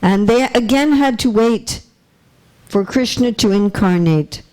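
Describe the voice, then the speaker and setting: A woman's voice: medium pitch, a little slow, a little mellow. A woman giving a religious lecture to a live audience in a temple hall, chatty and teasing, often checking that listeners follow. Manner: light teasing humor. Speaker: visiting speaker.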